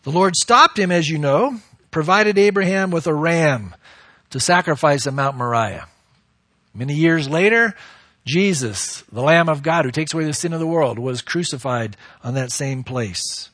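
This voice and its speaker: Bright high-voiced man preaching. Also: normal speed, dry recording, clean studio sound. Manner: expressive preaching, acting out quoted voices. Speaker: pastor. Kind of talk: sermon.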